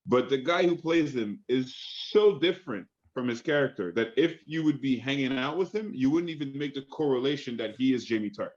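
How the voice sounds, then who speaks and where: A man's voice: medium pitch, animated, fairly quick, hardly any pauses, highs cut off. A man being interviewed as an actor guest, talking enthusiastically with many fillers and restarts. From Canada. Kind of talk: casual interview chat.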